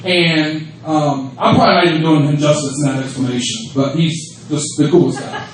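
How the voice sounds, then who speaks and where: A man's voice: a little high, normal speed, distant mic, a little hiss or hum. Man telling stories in an echoey room. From United States. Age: 30s. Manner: profane, lively storyteller who laughs often. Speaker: wrestling promotion creative head on a fan panel. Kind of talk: storytelling at a fan Q&A panel. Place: convention room at a fan event. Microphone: phone held in the audience. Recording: echoey room, phone recording from the audience.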